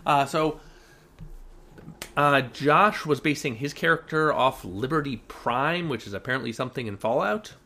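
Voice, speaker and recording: Recapping television on a chatty podcast, one co-host rambles through wry side comments and repeatedly restarts. His mid-range voice sounds pushed and bright, at a moderate pace.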